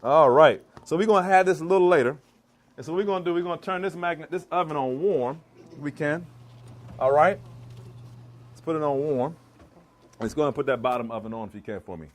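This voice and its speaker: A vegan chef gives a lively cooking demonstration to a live audience in a church hall kitchen. He has a high voice and speaks fairly quickly with long pauses. His manner is preacherly, and he calls out to the crowd.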